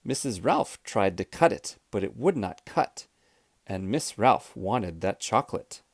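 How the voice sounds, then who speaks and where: A man reading a children's storybook aloud, clear, expressive and deliberate. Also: fairly low pitch, no echo, clean studio sound. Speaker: storybook reader.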